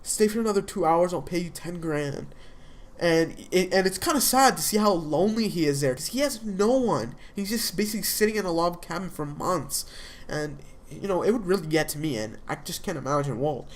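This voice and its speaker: A young adult TV episode reviewer recaps an episode with a medium-pitched, animated voice at a slightly fast clip. The delivery is casual and rambling, full of fillers and restarts.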